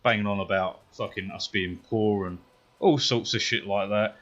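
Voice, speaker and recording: A British man streaming a game, telling a story in a casual, profane way that grows animated and louder as he gets worked up. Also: lowish voice, moderate pace, lo-fi sound. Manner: profane, swears constantly. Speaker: gaming streamer.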